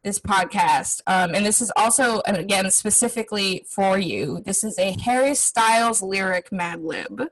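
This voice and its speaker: A woman's voice: medium pitch, normal speed, few pauses, fairly bright tone, rough recording. Chatty woman podcast co-host. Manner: chatty, many fillers and restarts. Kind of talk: casual chat.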